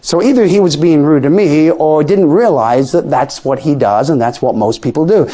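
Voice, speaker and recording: A man's voice: on the high side, normal speed, mellow. An older man, a mentalist, lecturing a class on stage technique and acting out little scenes as he tells stories. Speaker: mentalist teaching magic.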